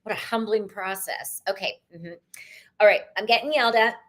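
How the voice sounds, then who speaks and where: A woman's voice: mid-range voice, moderate pace, fairly bright tone. A woman hosting a live tarot reading, bubbly and effusive, her voice a little tired. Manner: bubbly, effusive, sprinkles in "y'all", sometimes sings. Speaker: tarot reader and livestream host.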